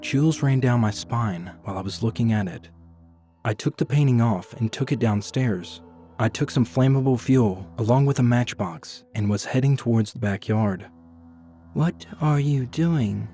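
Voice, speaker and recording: Man narrating a dark horror tale. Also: mid-range voice, moderate pace, faint music behind. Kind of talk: scripted first-person horror narration.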